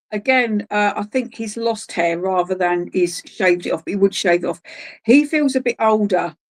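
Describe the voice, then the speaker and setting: A woman works as a medium, giving readings live at an online service. Her voice sits at an ordinary middle pitch, and she searches for her words, starting over and trailing off before she carries on. She stays gentle and calls her listeners darling. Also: moderate pace. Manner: hesitant and searching, full of ums and restarts. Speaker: spiritualist medium.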